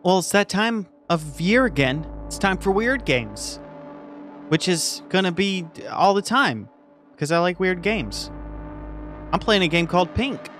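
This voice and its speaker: Man, let's play commentary, sarcastic, jokey, lively pitch, faint background music. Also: a little slow. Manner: sarcastic, jokey, animated reactions. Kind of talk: casual gameplay commentary. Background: faint game soundtrack.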